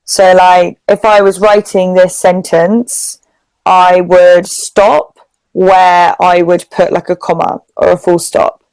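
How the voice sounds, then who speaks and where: A woman's voice: fairly low pitch, little pitch movement, a little mellow, clear, resonant tone, dry recording, rough recording. A British woman tutoring over a video call, explaining patiently with lots of "like". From Britain. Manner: slow, patient explaining with many "like" fillers. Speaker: online English tutor. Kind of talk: casual video-call lesson.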